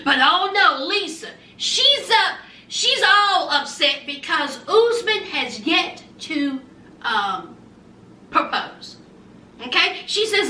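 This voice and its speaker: A woman in her forties with a very high, bright voice swings animatedly through a sassy reality-TV recap, hammering her points by repeating them. She sits a little back from the mic in an echoey room. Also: sing-song, takes it slowly, distant mic, a little hiss or hum. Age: 40s. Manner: sassy, emphatic, repeats lines for effect. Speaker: TV show reviewer.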